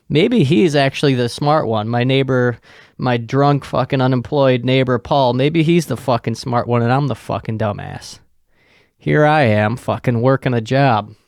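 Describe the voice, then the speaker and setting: Gravelly, swearing podcast host rambling. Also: male voice, mid-range voice, no echo, studio quality. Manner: profane, rambling, full of fillers. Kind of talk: casual solo rant.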